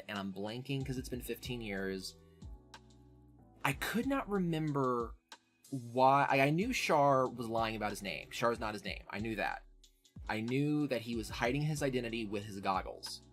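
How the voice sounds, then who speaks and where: A man's voice: mid-range voice, expressive, moderate pace, soft background music. A man with a nasal voice hosting a casual podcast, recapping an episode in a profane, sardonic way. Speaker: podcast host.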